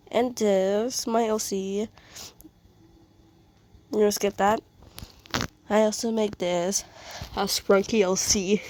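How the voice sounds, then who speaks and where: A woman sniffling from a cold gives a casual showcase of her fan art, apologetic, rambling and giggly as she talks. Her voice is mid-range and a little mellow.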